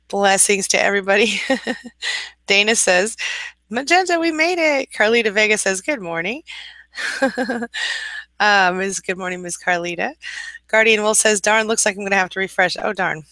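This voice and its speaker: Female live-stream coach, early-morning tired, laughs a lot, bright crisp voice. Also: medium pitch, no room sound. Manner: chatty, laughs often, greets viewers warmly by name; soft, reassuring advice. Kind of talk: casual live-stream chat reading viewer comments.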